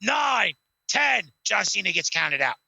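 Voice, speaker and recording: A man's voice: high-pitched, sing-song, slow, gravelly, sharp tone, breathy edge, dry recording, low-quality recording. A man co-hosting a casual podcast at home, swearing freely while acting out wrestling scenarios. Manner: rambling, swears a lot, acts out scenes. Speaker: podcast co-host. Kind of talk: casual chat.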